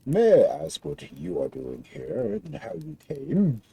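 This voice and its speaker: A man doing a slow, boastful giant. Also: a little high, wildly swooping pitch, gravelly, dark tone, breathy edge, heavily acted. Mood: puzzled. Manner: slow, drawn-out, jovial speech. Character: big boastful male giant, civil but henpecked.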